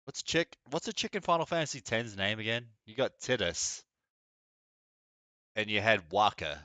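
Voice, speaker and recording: A man's voice: on the low side, big pitch swings, moderate pace, bright, forceful tone, no room sound. A young man chatting casually on a live gaming stream, blunt, opinionated and mocking. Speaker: game streamer.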